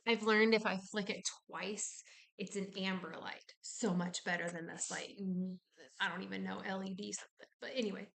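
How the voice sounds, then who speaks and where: A woman's voice: medium pitch, steady tone, normal speed, creaky, a bit bright. A woman in her kitchen at home, talking candidly and reflectively in a personal vlog, acting out her inner dialogue.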